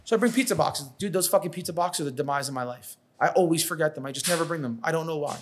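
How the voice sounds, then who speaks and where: A man's voice: on the high side, very fast, slight background noise. A man in his thirties, a catering business owner, telling stories in a casual podcast chat, swearing often and acting out quotes. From New York. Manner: profane, animated storytelling, acts out quotes.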